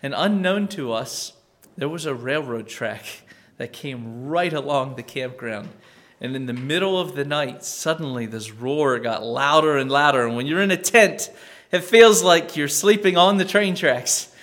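A man preaching a sermon to his church in a conversational, musing way, restarting phrases and rising in pitch and volume on key points. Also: unhurried, fairly bright tone. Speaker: pastor.

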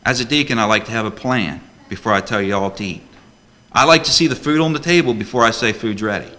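A man's voice: fairly low pitch, fast talker, sharp tone. A man preaching a sermon to a church congregation as a deacon, earnest and emphatic, full of rhetorical questions.

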